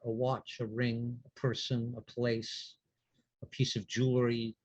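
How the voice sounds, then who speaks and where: A composed male vampire who gently presses a lost spirit for answers, as a man plays him. He asks his questions patiently and adds dry jokes. The sound is dull and dry, with a husky edge. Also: medium pitch, completely flat delivery, a little slow, no echo, close to an everyday voice. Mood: probing. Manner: patient, probing, dry wit.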